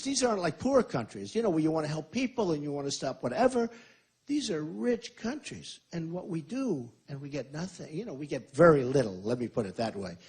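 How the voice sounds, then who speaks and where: A man's voice: a little high, darkish tone, breathy edge. A man in his sixties, a presidential candidate at a rally, answering questions in an emphatic, repetitive and boastful way. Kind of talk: campaign Q&A speech.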